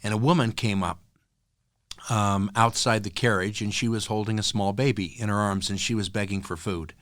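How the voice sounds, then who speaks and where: An older man with a fairly low voice speaks as a podcast guest. He tells his story in an earnest, thoughtful way, pausing often with small fillers, and the recording is dry and close. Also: steady tone, fairly bright tone, no echo. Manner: earnest, reflective, with frequent filler pauses. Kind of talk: storytelling interview.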